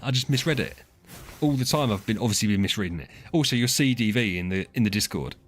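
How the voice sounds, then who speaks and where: Over slight background noise, a man from the south of England talks fast in an expressive, lowish voice. He's chatting casually on stream, reading viewers' messages and teasing them as he rambles, with frequent restarts and laughter.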